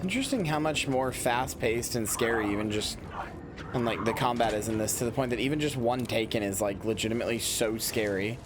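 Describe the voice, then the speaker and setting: A man's voice: mid-range voice, fairly quick, background noise. A tired man streaming a game late at night, talking casually in a rambling, playful way with lots of restarts. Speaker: livestreamer. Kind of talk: casual gameplay commentary.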